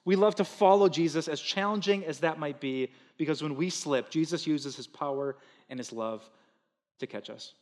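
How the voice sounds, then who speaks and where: Man preaching, kinda high voice, goes loud then real soft, big echoey church. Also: moderate pace. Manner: earnest, with sudden loud emphatic bursts and soft hushed drops. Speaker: pastor. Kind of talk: sermon.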